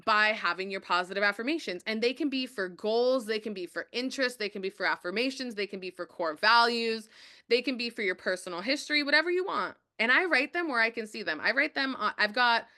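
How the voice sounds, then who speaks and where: A woman's voice: a little high, expressive, a little fast, bright, forceful tone. A woman hosting a motivational webinar, upbeat and encouraging as she talks to viewers and reads their chat messages aloud. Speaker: webinar host.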